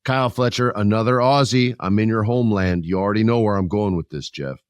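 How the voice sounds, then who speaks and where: A man with a fairly low voice hosts a casual wrestling chat, joking and animated. His sound is dry and close, with no room around it. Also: a little fast, clear, resonant tone, no room sound. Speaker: podcast host.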